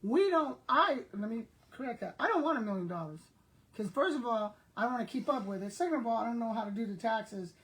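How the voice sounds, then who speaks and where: A woman's voice: on the high side, lively intonation, a little fast, few pauses, a bit bright. An older woman from South Texas, a retired school principal, chatting casually and telling everyday stories straight to her viewers. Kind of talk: casual chat.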